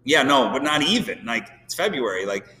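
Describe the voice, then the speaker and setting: A man's voice: mid-range voice, big pitch swings, brisk, bright, forceful tone. A middle-aged man from Illinois, chatting casually as a podcast guest, rambling with lots of restarts. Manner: rambling, restarts often, laughs easily. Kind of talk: casual chat. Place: event venue room. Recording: distant mic with hall echo and faint noise.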